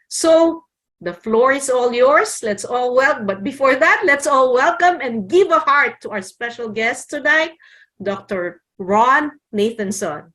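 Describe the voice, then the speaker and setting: A woman's voice: high-pitched, animated, unhurried, fairly bright tone. A woman hosting an online call, giving a polite, gracious welcome to a guest speaker. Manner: polite, gracious introduction with a small restart. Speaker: host introducing a guest.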